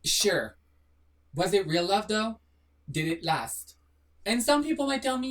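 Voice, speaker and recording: A blunt, sassy host talking straight to camera in a motivational monologue, firing off rhetorical questions and tossing in a casual swear. The voice sits at a middling pitch. It sounds like it was recorded a little back from the mic. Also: big pitch swings, measured pace, long pauses, far from the mic. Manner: swears casually, apologizes jokingly. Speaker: manifestation video host.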